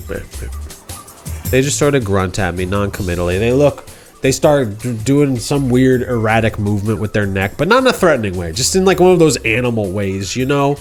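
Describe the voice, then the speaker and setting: A man hosting a game livestream, telling a goofy story in casual slang, rambling with restarts. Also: on the low side. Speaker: livestream host.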